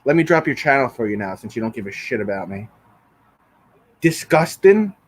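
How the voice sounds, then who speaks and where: Reading comments on a casual bedroom livestream, a man trades profane jabs with his chat. He talks at normal speed in a medium-pitched, sing-song voice.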